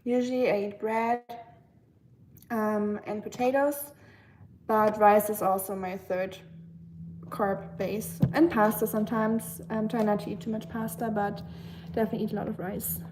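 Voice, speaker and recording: A woman's voice: medium pitch, little pitch movement, moderate pace, a little mellow, a little hiss or hum. Woman, German accent, casual livestream host, mid-range voice, filler-heavy chat, home kitchen, faint chopping behind. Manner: chatty, loose, many fillers.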